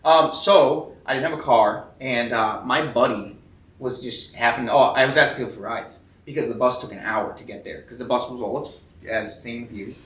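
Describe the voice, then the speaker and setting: A man's voice: medium pitch, moderate pace, fairly bright tone, far from the mic. A young man telling a long story in casual chat, rambling and swearing a lot, acting out what people said. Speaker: tattoo artist guest. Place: tattoo convention. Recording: roomy sound, a bit off-mic.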